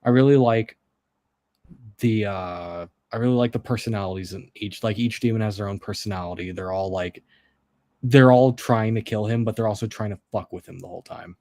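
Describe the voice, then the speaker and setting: A man's voice: fairly low pitch, brisk, darkish tone, no echo. A man co-hosting a stream, talking casually and rambling with laughs. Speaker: stream co-host. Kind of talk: casual chat.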